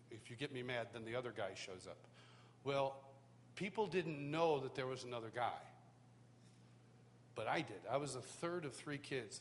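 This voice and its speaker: A man from the United States giving a personal testimony at a live worship school, in a conversational storytelling way with frequent restarts. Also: medium pitch. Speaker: worship teacher. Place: large hall, live event. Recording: long hall reverb, faint hum.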